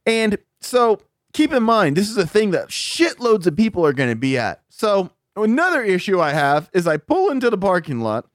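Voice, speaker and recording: High-voiced man on an angry, swearing rant. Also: big pitch swings, moderate pace, hardly any pauses, no echo, clean studio sound. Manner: irritated, swears constantly. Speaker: podcast co-host. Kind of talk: casual profane rant.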